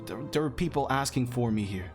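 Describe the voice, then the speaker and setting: A man's voice: medium pitch, expressive, brisk, over music, natural voice. A man voicing a shaken young male miner who stammers with alarm and worry. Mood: anxious.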